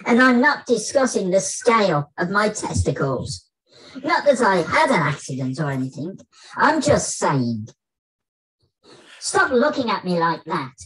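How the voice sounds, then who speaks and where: Blustering famous old actor with a squeaky voice, put on by a man, indignant comic rant, lively swooping delivery, unhurried, video call. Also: heavily acted, poor audio. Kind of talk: comic spoken-word performance.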